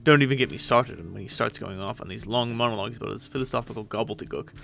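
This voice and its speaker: A man's voice: medium pitch, very fast, gravelly, fairly bright tone, voice pushed down. A man playing a folksy, rambling young adventurer. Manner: rambling, folksy, self-absorbed. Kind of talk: webcomic read aloud with voices.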